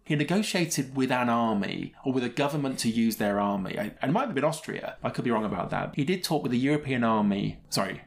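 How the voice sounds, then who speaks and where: A man's voice: medium pitch, animated, fast, gravelly, few pauses. A man co-hosting a film podcast in a casual, rambling, digressive way, often chuckling between points. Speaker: podcast co-host and film reviewer.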